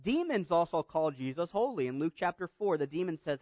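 Pastor, male, earnest emphatic preaching, high voice, dry sound. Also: sing-song, brisk, few pauses, darkish tone, no echo. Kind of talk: sermon.

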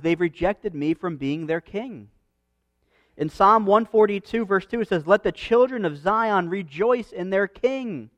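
A man preaching an expository sermon, reading scripture verses aloud and explaining them in an earnest, emphatic manner, slowing down for quoted lines. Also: sits high, no room sound.

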